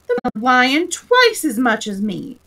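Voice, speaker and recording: A woman's voice: high-pitched, wildly swooping pitch, slow pace, fairly bright tone, distant mic, soft background music, exaggerated voice, poor audio. Woman doing a polite, curious young girl. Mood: earnest. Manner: earnest, puzzled.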